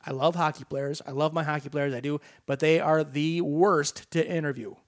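A man's voice: a little high, steady tone, moderate pace. A man co-hosting a sports talk radio show, ranting animatedly in casual chat with frequent restarts. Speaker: radio co-host.

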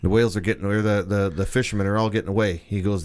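A man's voice: fairly low pitch, steady tone, rapid-fire, darkish tone. A man hosting a live radio show, chatting casually and rambling through jokes in a studio. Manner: joking, rambling storyteller.

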